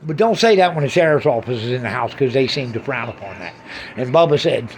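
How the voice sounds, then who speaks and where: A man's voice: medium pitch, expressive, fairly quick, slight background noise. A man in a crude, rambling rant, swearing heavily and drifting between asides. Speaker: monologuist.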